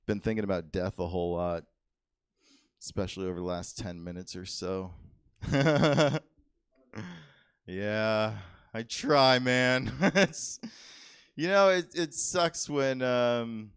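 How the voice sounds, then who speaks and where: A man in his thirties doing a stand-up set on a comedy theater stage, deadpan and profane, chuckling at his own jokes. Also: on the low side, clear, resonant tone, no room sound, clean studio sound.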